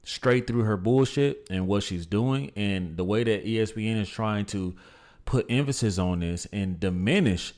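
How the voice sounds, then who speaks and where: A man with a fairly low voice hosts a reaction show. He talks emphatically and opinionatedly, and keeps calling his viewers "guys." He speaks. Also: moderate pace, darkish tone. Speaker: commentary channel host. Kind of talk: reaction commentary.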